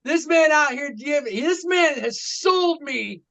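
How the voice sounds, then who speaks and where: A woman's voice: sits high, lively intonation, slow, a bit bright, lo-fi sound. A woman co-hosting a podcast, chatting casually and giving short, punchy ratings. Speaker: podcast co-host. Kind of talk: casual chat.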